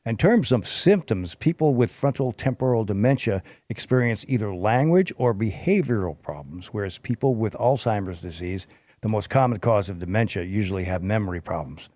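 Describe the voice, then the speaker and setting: A man's voice: on the low side, expressive, normal speed, warm tone, no echo. A man hosting a podcast, reading health information from notes and adding informal asides, sometimes stumbling over hard terms. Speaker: podcast host.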